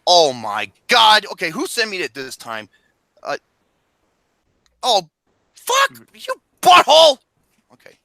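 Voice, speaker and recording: A man hosting a casual online chat, swearing loudly and breaking into frequent laughter and sudden outbursts. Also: fairly high pitch, big pitch swings, a little slow, creaky, long pauses, no echo. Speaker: podcast host.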